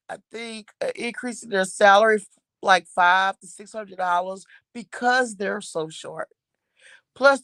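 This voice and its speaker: A woman's voice: medium pitch, no room sound. A middle-aged woman from Texas, a mother telling viewers a story about her son in a casual, chatty way, laughing often and using slang. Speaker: mother talking about her son's new job.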